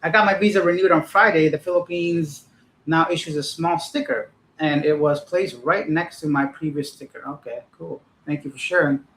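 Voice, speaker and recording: A man's voice: a little high, moderate pace, reverberant, poor audio. A young man casually telling a rambling, profane story to his livestream audience as host. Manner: rambling, profane, animated retelling.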